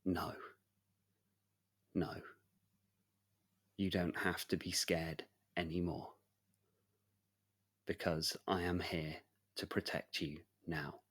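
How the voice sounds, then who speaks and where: A man voicing a weary, gentle knight in a spoken story, talking in a calm, hushed and reassuring way. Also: deep voice, takes it slowly, pauses often.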